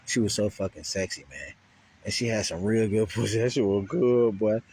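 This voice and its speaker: A man's voice: fairly low pitch, normal speed, mellow, slightly rough. A man vlogger telling a rambling, profane story in casual speech heavy with slang.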